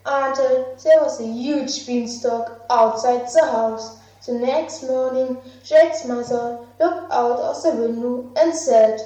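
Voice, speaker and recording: A woman reading a children's story aloud slowly and deliberately. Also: on the high side, mellow, far from the mic. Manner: slow, clear, deliberate. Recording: echoey, dull lo-fi room recording.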